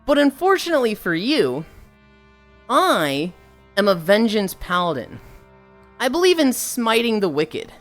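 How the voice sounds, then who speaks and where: A woman's voice: medium pitch, soft background music. A woman doing a smug zealous paladin man. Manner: calm, self-righteous, deliberate. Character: smug male vengeance paladin, calm zealot.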